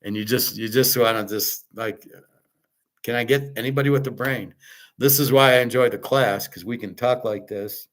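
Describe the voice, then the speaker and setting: A man's voice: mid-range voice, steady tone, moderate pace. A man hosting his own show, ranting off the cuff with heavy profanity and exasperation, often stumbling over and repeating words when worked up. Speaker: sports betting picks host. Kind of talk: unscripted ranting commentary.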